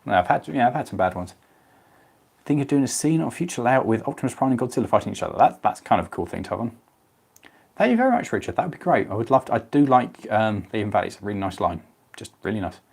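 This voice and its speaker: A man's voice: fairly low pitch, sing-song, fast, creaky, slightly rough. A young man, chatting casually on a live stream and answering viewers' comments by name.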